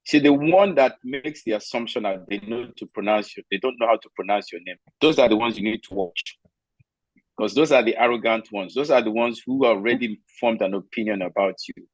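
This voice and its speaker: A man's voice: fairly low pitch, a little fast, dry recording, low-quality recording. A man from Nigeria on a video call, telling stories from his own life and giving firm, candid advice. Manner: emphatic, candid storyteller, gives firm advice.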